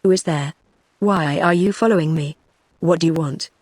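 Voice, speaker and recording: A woman's voice: low voice, normal speed, no room sound, studio quality. A synthetic British-accented woman's voice voicing a frightened but brave young woman, read evenly in the narrator's own voice. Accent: British English. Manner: even synthetic reading.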